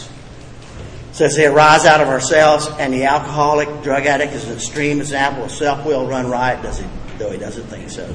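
A man's voice: medium pitch, a bit bright, a little hiss or hum. A man giving a recovery talk, blunt and folksy, telling jokes with profane humor. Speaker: recovery meeting speaker. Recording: echoey hall with reverb, faint ambience.

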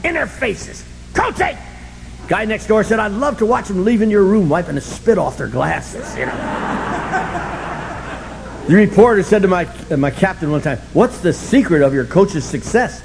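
An older man sharing his story at a recovery meeting, sardonic and humorous, breaking into shouts. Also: sits high, moderate pace, vocal fry, noisy background. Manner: animated, sardonic, bursts into shouting.

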